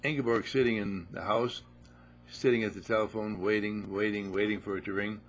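A man's voice: on the low side, fairly even intonation, a little fast, muffled recording, slight background noise. A man giving a spoken teaching talk, telling playful stories and repeating his phrases for effect. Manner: playful, repetitive storytelling.

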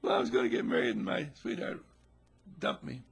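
A man voicing a jilted young bride, raising his gravelly, husky voice high as she complains tearfully. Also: wildly swooping pitch, fairly quick, heavily acted.

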